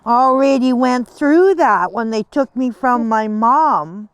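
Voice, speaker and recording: A woman's voice: a little high, animated, slow, clear, resonant tone, no room sound. A woman speaking as one of her rescued female pigs, who does not want to be moved again. The words come out plain and plaintive. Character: rescued female pig, homesick and wary.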